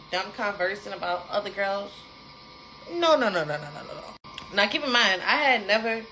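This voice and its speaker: A young adult woman casually telling a personal story to her viewers, animated and repetitive, talking straight to the audience. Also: on the high side, slight background noise, rough recording.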